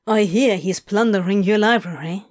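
A woman's voice: medium pitch, moderate pace, natural voice. A woman voicing an aloof, sardonic man who talks in a curt, drawling way. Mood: dry.

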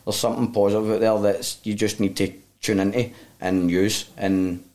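This is a man with a thick Glaswegian accent and a voice that sits on the low side. He talks in a raw, sweary, heartfelt way, circling back and rambling as he tells his story. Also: level tone, normal speed, a little mellow. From Glasgow, Scotland. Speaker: guest. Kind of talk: candid personal storytelling.

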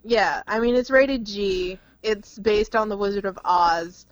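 A woman's voice: medium pitch, measured pace, dry recording, rough recording. A woman co-hosting a casual podcast chat, blunt and opinionated with dry teasing. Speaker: podcast co-host.

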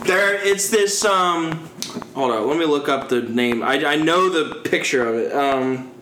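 Excitable young man in an echoey room. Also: on the high side, measured pace. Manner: excitable, hype, talks in bursts. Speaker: podcast co-host. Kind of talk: casual sports betting chat. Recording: echoey room with background noise.

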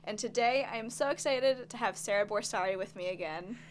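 A woman's voice: medium pitch, brisk, slight background noise. A young woman hosting a film podcast in casual chat, bubbly and laughing often. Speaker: podcast host.

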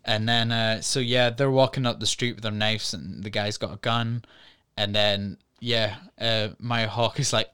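A man talks through a film with a bright, crisp voice, like a co-host on a casual studio review show. He tells it as an animated story, stumbling over fillers and chuckling as he goes. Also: on the low side, a little slow, few pauses. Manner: animated storyteller, retells scenes with fillers and laughs. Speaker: podcast co-host.

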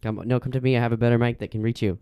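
A man's voice: medium pitch, flat delivery, very fast, warm tone, smooth, no room sound. Man, playful and jokey, silly asides, dry close sound, USB mic, casual podcast co-host. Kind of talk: casual chat. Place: room at parents' house at night. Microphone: USB microphone.

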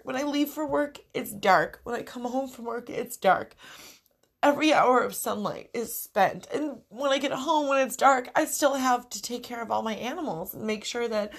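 A young woman talking in an emotional personal vlog, tearful and crying as she speaks, swearing freely. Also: a little high. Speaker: vlogger.

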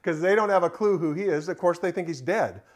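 A man's voice: high-pitched, fairly quick. A man leading a Bible study, reading scripture aloud and commenting in a conversational way with frequent fillers. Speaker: Bible teacher.

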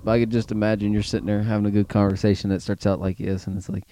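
A man's voice: fairly low pitch, flat delivery, very fast, mellow, slight background noise. A young man co-hosting a podcast, cutting in with jokes and teasing questions. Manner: teasing, jokey interjections, acts out mock voices. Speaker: podcast co-host. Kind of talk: casual chat.

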